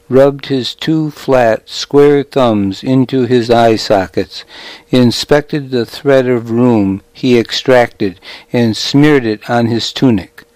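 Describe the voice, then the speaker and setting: A man narrating a novel in a measured, deliberate storytelling manner. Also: medium pitch, a little mellow, no room sound, rough recording. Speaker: audiobook narrator. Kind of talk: scripted narration.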